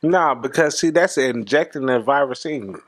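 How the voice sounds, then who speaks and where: A man's voice: mid-range voice, normal speed. A man co-hosting a casual group podcast, making blunt, short remarks and sometimes drawling. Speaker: podcast co-host.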